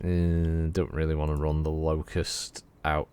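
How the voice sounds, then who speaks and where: A man's voice: very deep voice, flat delivery, unhurried, darkish tone, clean tone. A man streaming a video game, chatting casually and joking with his viewers, swearing freely as he plays. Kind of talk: casual gameplay commentary.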